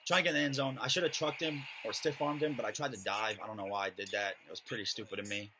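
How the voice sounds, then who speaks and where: A man's voice: on the low side, steady tone, fast, noisy background. A young man giving a casual, rambling voice-over commentary on his own match, with many fillers.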